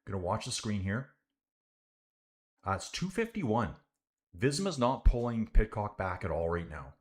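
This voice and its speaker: A man's voice: fairly low pitch, sing-song, unhurried. A man giving casual live commentary on a bike race for a stream, reading viewer comments and calling out to his viewers as guys and dude. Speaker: livestream cycling commentator.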